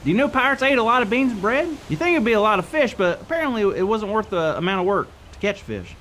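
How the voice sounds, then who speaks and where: A silly male kids' show character, voiced by a performer, who is all in on being a pirate. He talks in a lively, swooping voice and growls out pirate lingo. There is a faint bit of noise in the background. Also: medium pitch, quick pace. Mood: playful. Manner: playful, slips into a growly pirate voice. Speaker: show host. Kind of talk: scripted children's show.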